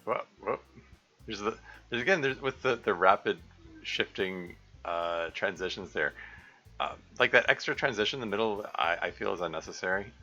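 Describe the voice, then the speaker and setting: A man streaming a visual novel playthrough with low, bright-edged, sharp speech, chuckling and breaking off mid-thought. The audio is dull and lo-fi with faint game music underneath. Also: lively intonation, moderate pace. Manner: chuckling and self-interrupting. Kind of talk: live-stream playthrough commentary.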